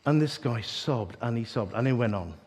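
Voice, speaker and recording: Animated self-mocking preacher, man. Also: mid-range voice, moderate pace, slightly rough. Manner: animated, self-mocking, acts out voices in his story. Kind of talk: storytelling sermon. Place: church hall, live audience.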